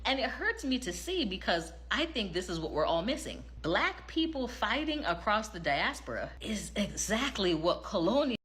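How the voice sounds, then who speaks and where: A woman's voice: mid-range voice, very animated, normal speed, hardly any pauses, fairly bright tone. A woman giving impassioned, persuasive social media commentary. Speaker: commentator in a reacted clip.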